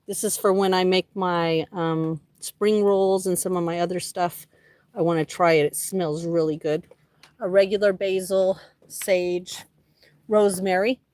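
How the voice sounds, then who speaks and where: A woman's voice: fairly low pitch, level tone, measured pace, a little mellow, no echo. A woman livestreaming casual chat from her home garden, talking to her plants by name and filming on a handheld phone. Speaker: livestream host.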